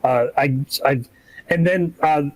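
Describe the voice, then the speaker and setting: Relaxed man in casual podcast chat. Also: a little high, a little slow, dry recording, poor audio. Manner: relaxed, rambling, acts out examples. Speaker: game master.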